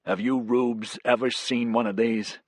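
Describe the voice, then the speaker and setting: A man reading an audiobook voices a coarse, injured American pilot with a New York accent, gruff and sneering. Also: mid-range voice, steady tone, measured pace, no room sound, clean studio sound, natural voice.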